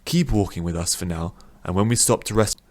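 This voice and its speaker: A calm, patient old man who reasons steadily with others, as a man reads him. The voice is very low and even. Storybook audiobook delivery. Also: fairly quick.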